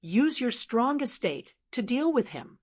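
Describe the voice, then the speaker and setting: A woman's voice: on the high side, big pitch swings, unhurried, voice pushed up. A woman reading the lines of arrogant ancient male demons in an audiobook, with contemptuous threats.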